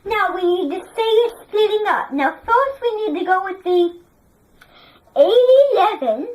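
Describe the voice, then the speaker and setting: A woman's voice: very high voice, lively intonation, normal speed, poor audio. A woman teaching a class, drilling number sequences for pupils to repeat and praising them in a sing-song way.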